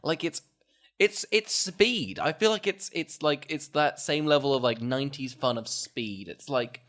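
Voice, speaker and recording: A man co-hosting a casual film podcast, talking excitedly and swearing freely, with frequent laughter. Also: fairly high pitch, unhurried. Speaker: podcast co-host. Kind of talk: casual chat.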